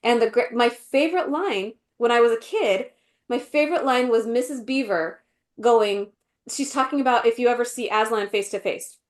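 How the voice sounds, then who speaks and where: A woman co-hosting a podcast in casual chat, animated and full of fillers, often acting out quotes. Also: on the high side, moderate pace. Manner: animated, acts out quotes in voices, many fillers. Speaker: podcast co-host.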